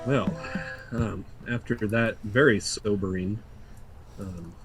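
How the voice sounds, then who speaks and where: A man's voice: lowish voice, steady tone, slow pace, over music, poor audio. A man running a tabletop game as dungeon master, rambling and laughing as he talks. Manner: rambling, restarts, laughs often.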